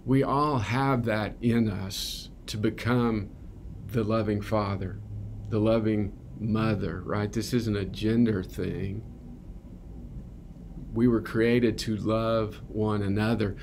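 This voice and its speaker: A man's voice: fairly low pitch, steady tone, takes it slowly, vocal fry, a little mellow, a little hiss or hum. A man giving a conversational, earnest sermon at a recovery ministry, often checking in with "right?". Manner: earnest, keeps asking "right?".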